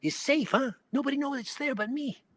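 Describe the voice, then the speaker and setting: An older man with a Hawaiian Pidgin accent, telling a first-person story in an animated, conversational way. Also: very high-pitched, brisk. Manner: animated, conversational, dramatic swings in loudness.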